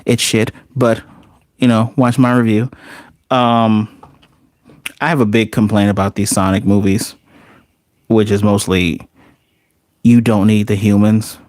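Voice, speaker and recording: A man who reviews movies, giving casual, animated, sarcastic commentary with some swearing. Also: on the low side, measured pace, long pauses, no room sound, studio quality.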